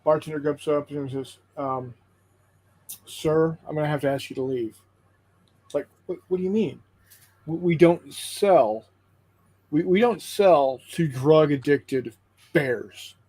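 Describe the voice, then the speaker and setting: A man on a tabletop gaming stream telling a long joke in casual chat, halting and repeating his words as he goes. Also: fairly high pitch, warm tone, poor audio. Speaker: co-host of a tabletop painting stream.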